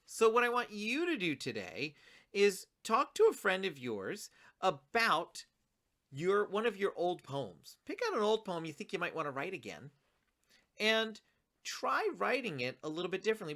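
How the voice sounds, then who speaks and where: A woman teaching a writing lesson to children, encouraging and talking straight to her students, reading her own poem slowly with a pause on each word. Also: medium pitch, big pitch swings, fairly bright tone. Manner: reads her poem slowly, pausing on single words; encouraging, addresses students directly.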